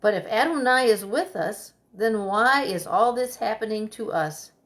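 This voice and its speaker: A woman reading Bible passages aloud during a study, in a measured, careful way. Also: on the high side, lively intonation, fairly bright tone. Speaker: scripture reader.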